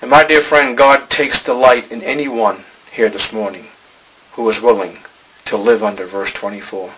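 Bright-voiced preacher man, pleading. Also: fairly low pitch, steady tone, normal speed, husky, low-quality recording. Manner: pleading, rising to emphatic exhortation. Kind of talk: sermon.

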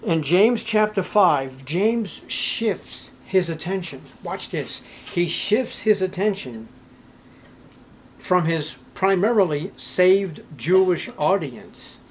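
A man's voice: sits high, lively intonation, slow, a little hiss or hum. An older man preaching a sermon, reading scripture aloud and commenting with growing emotion. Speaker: pastor.

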